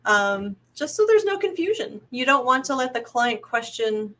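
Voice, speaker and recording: Woman, slightly high voice; relaxed, friendly co-host handing out casting tips. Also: normal speed. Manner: relaxed advice-giving, frequent fillers and laughs. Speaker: casting director and podcast co-host. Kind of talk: casual podcast chat.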